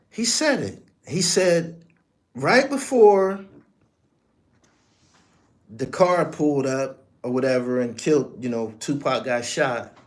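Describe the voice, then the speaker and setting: A man hosting a podcast, telling a story in blunt, profane, emphatic casual commentary. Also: medium pitch. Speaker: podcast host.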